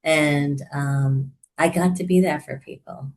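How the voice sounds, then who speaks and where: A woman in her sixties, a therapist and coach, chatting as a guest and telling her story with animated warmth and frequent laughter. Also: low voice, measured pace, slight background noise. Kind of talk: casual conversational interview.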